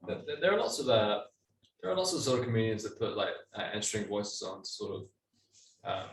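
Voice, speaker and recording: A man's voice: lowish voice, sing-song, fast. A man co-hosting a podcast over a Zoom call, talking in a laid-back, hesitant way with many ums. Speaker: podcast co-host. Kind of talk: casual comedic chat. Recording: echoey room, distant from mic, faint noise.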